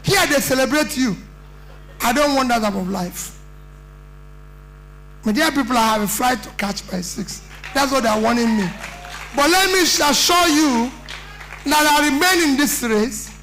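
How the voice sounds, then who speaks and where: A man's voice: extremely high pitch, measured pace, long pauses, music in the background, rough recording. A middle-aged Nigerian man with a Nigerian accent giving an earnest, plain-spoken conference speech. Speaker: political speaker.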